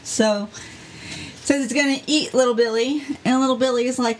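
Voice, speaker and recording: A woman's voice: on the high side, steady tone, normal speed. A woman co-hosting a podcast, casually retelling a fairy tale with giggles and acted-out lines. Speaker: podcast co-host. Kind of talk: casual comedic storytelling.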